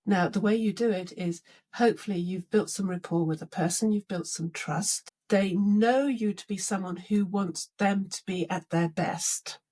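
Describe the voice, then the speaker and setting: A woman's voice: medium pitch, normal speed, few pauses, slightly rough. A middle-aged woman leadership coach in a podcast interview, telling stories and acting out both sides of conversations. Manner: animated storytelling, acts out dialogue.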